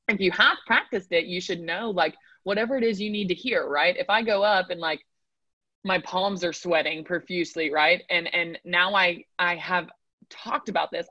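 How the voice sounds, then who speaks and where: A woman coach talking in an emphatic, conversational way and tagging her points with "right?". Her voice is bright and a little low-pitched for a woman. It is recorded close and dry. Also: no echo, low-quality recording. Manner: emphatic, repeats "right?" often. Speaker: mental performance coach guest. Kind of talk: casual podcast conversation.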